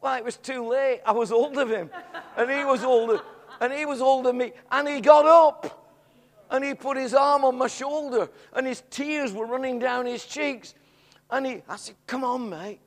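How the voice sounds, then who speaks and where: A middle-aged man preaching a sermon, telling a story in an animated way that swells into excited shouts. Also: extremely high pitch, normal speed. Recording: long hall reverb.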